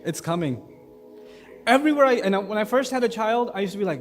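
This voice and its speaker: Man preacher, high voice, lively and joking with the crowd, echoey hall, faint music. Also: a little fast. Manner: animated, humorous, conversational preaching. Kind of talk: sermon.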